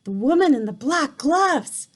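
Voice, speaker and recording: A frightened little boy, put on by a woman reading aloud, calling out in a high, strained voice. The words come drawn out and anxious. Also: expressive, measured pace. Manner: frightened, shouting. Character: frightened young boy stuck up a tree.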